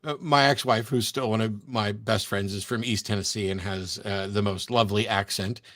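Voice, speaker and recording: A male guest with a lowish voice tells a measured story with dry wit. He sounds dry and close, with no room sound, over a video call. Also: fairly even intonation, a bit bright, no echo. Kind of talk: casual chat on a livestream.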